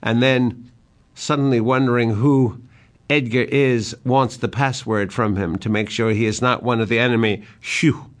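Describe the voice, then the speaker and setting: An older man giving a literature lecture, speaking slowly and deliberately and reciting verse lines with emphasis. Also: mid-range voice, steady tone.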